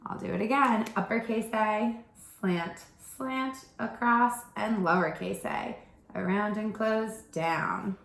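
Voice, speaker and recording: A woman teaching a pre-K phonics lesson, gently sounding out letters and words with exaggerated repetition. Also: medium pitch, takes it slowly, creaky, reverberant. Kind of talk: slow early-childhood phonics lesson.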